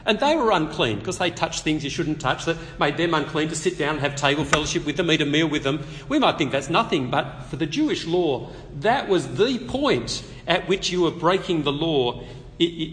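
A man delivers an expository sermon at a public meeting, conversational and animated, with light humor as he explains his text. His fairly quick, slightly high voice swings widely in pitch, and a long hall reverb trails each phrase.

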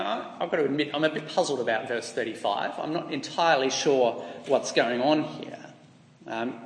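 A man with an Australian accent preaching a sermon in an earnest, emphatic way, asking rhetorical questions. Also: mid-range voice. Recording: echoey hall with long reverb.

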